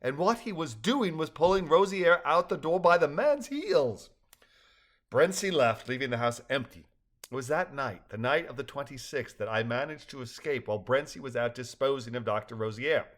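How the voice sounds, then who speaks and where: A man voicing a gentle, troubled telepathic balloon creature, telling its story in an earnest, measured way. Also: medium pitch, expressive, natural voice.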